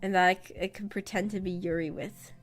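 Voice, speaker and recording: This VTuber speaks fast in a medium-pitched voice with fairly level intonation, rambling casually on her livestream and often trailing off into fillers or laughter. A streaming microphone records her, with light background music audible.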